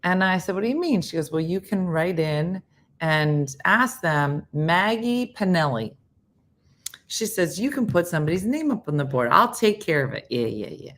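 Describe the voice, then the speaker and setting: A woman with a low voice hosts a casual morning show, her pitch swinging widely as she tells stories. She acts out the people she quotes, laughs often and sometimes drops to a whisper. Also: big pitch swings, moderate pace. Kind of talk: casual storytelling chat.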